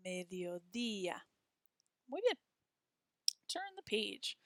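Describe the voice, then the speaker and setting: A woman teaches a Spanish lesson at an unhurried pace, spelling each word letter by letter. She repeats words slowly so their stress can be heard. The recording is close and dry, with no room sound. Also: mid-range voice, fairly bright tone, no room sound. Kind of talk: textbook walkthrough lesson.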